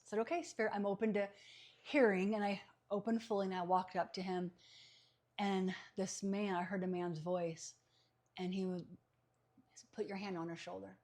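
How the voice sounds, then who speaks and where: Guesting on a podcast, a woman who works as a psychic medium shares a story conversationally. She's lively, laughs frequently, performs the voices of people she quotes, and her pitch is medium.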